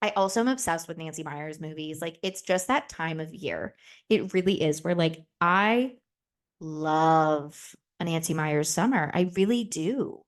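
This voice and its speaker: A young woman hosts a podcast in a deep, expressive, unhurried voice. Her chat is casual and candid, she swears freely, and she acts out the voices of people in her stories.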